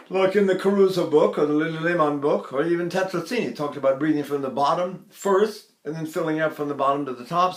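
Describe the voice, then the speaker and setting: An older man teaching voice with enthusiasm, breaking into sung vowel staccatos and breath demonstrations. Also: on the high side. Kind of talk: vocal lesson with sung demonstrations.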